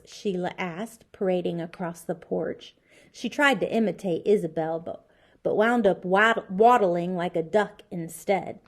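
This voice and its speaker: A woman teacher reading a children's chapter book aloud with expressive storybook delivery. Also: lowish voice, a little slow.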